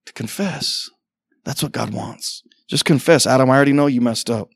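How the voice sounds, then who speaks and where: A middle-aged man preaching an impassioned sermon in church, asking rhetorical questions and acting out dialogue, often rising to near-shouts. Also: mid-range voice, normal speed, gravelly, husky, dry recording. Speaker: pastor. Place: church sanctuary.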